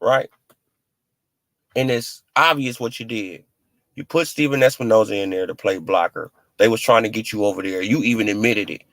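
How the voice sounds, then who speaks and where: A man giving casual, animated boxing commentary in heavy slang, mocking and joking as he goes. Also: lowish voice, normal speed, no room sound. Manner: animated, mocking, heavy on "you feel what I'm saying".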